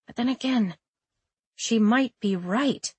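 A woman reading a novel aloud as narrator, in a steady, measured way. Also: a little high, husky, no room sound. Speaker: audiobook narrator. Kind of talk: scripted narration.

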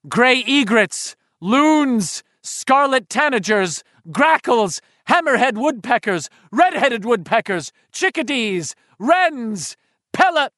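A man's voice: on the high side, no room sound, studio quality. Man narrating a horror audiobook. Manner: tense, measured, suspenseful delivery.

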